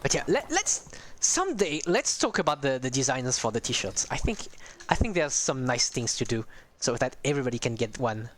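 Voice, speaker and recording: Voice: mid-range voice, big pitch swings, brisk, few pauses. A streamer giving casual, rambling commentary on a strategy game, talking to viewers with many hesitations.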